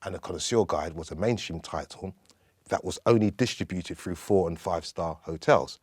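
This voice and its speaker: Animated man telling his life story. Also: low-pitched, normal speed, breathy edge, dry recording, clean studio sound. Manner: animated, acts out other people's voices as he tells stories. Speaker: guest. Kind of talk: storytelling interview.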